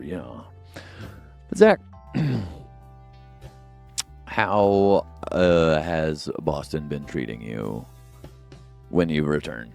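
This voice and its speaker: Low-voiced male podcast co-host, loose and rambling, joking to himself, faint music underneath. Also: expressive, drawn-out words, gravelly, pauses often, darkish tone. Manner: rambling, jokey, lots of fillers and asides. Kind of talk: casual solo podcast rambling. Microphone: headphones and studio mic.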